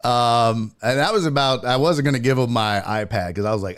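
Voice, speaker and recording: A man's voice: mid-range voice, fairly quick, clean tone. A man hosting a sports talk show, telling a profane story in a casual comedic way and putting on other people's voices. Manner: animated, profane, voices people in his stories. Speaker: podcast host.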